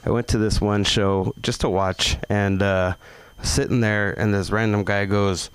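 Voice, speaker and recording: A man's voice: on the low side, normal speed, slight background noise. A man doing a stand-up set, loose and profane, telling a story about a comedy show and acting out the people in it. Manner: profane, loose, acts out other voices.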